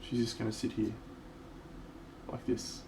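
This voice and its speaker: A man's voice: on the low side, monotone, unhurried, darkish tone, a little hiss or hum. A man with an Australian accent, chatting casually and swearing freely while streaming his miniature painting live. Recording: echoey room.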